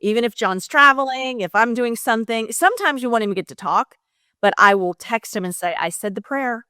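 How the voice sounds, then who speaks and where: A woman's voice: on the high side, fairly quick, clear, resonant tone, no room sound. Middle-aged woman guest, emotional confessional storyteller, dry close sound. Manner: emotional, animated, talks to listeners directly. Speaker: podcast guest. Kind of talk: candid personal storytelling.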